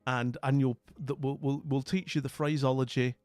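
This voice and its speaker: A man's voice: medium pitch, little pitch movement, moderate pace, a little mellow, no room sound, faint music behind. A middle-aged man chatting casually with his stream's viewers, rambling with lots of fillers and restarts. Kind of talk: casual chat with viewers' comments.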